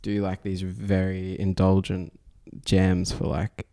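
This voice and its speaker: A young man with an Australian accent talks in a laid-back, halting way in a casual interview, with plenty of fillers. His voice sits low, mellow and dark, with a gravelly fry. He sounds relaxed and unhurried. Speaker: band singer and guitarist.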